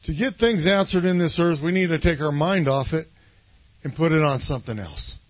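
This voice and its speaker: A man's voice: fairly high pitch, fairly quick, muffled recording. Rambling, conversational male pastor. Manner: conversational, rambling, asks for agreement. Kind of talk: casual sermon.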